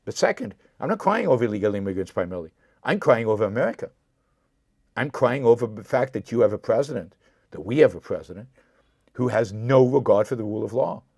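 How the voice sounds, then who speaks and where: A man's voice: lowish voice, expressive, fast, darkish tone, husky, no room sound, clean studio sound. A man hosting his own show, giving impassioned political commentary, repeating points for emphasis and answering viewer comments directly. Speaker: show host.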